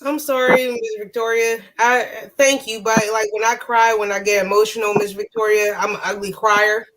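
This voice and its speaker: A man's voice: high voice, flat delivery, normal speed, a bit bright, rough recording. A man in casual chat on a stream panel, emotional and close to tears, repeating himself.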